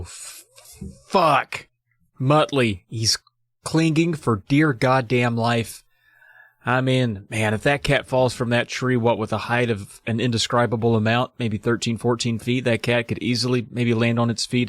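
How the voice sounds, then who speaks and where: A man's voice: mid-range voice, fairly even intonation, moderate pace, dry recording, studio quality. A man co-hosting a podcast, casually recapping a children's book, swearing and acting out the characters. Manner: laid-back, swears, acts out characters. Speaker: podcast co-host.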